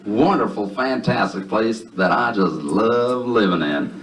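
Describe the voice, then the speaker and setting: A man voicing a slow, polite Southern tourist with a thick Southern American drawl. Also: fairly low pitch, lively intonation, fairly bright tone, far from the mic, slight background noise, low-quality recording. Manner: slow, genial.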